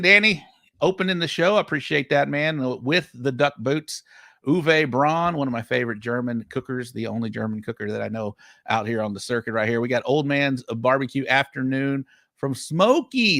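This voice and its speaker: A man with a drawl hosts a live stream, greeting viewers one by one with lively energy. His voice is bright and forceful, recorded dry and close with no room sound. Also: mid-range voice, no echo. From Texas. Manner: energetic, hypes viewers and reads out shout-outs. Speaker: host of a live online barbecue show.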